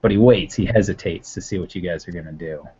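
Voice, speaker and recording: A man's voice: deep voice, quick pace, warm tone, husky. A man narrating a tabletop game as game master, rambling with many fillers. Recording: dull lo-fi audio.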